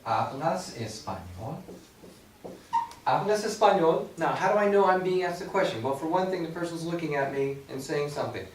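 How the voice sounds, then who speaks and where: A man teaching a recorded Spanish grammar lesson, explaining patiently with playful asides. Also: a little high. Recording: echoey room, far from mic, faint background hum.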